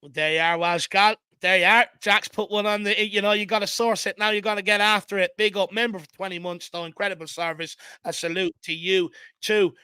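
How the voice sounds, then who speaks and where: Irish male stream host, smooth clear voice, dry close sound, chatty and upbeat. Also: sits high, fairly even intonation, a little fast, dry recording. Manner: chatty, shouting out viewers by name. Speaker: fan channel host. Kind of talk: casual live-stream chat.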